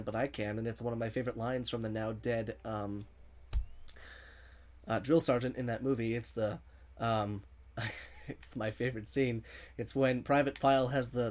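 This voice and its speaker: A male gaming streamer talks casually while he plays, reading viewer messages aloud and answering them. His voice sits at an ordinary pitch, and he laughs often. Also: darkish tone. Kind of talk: casual livestream commentary.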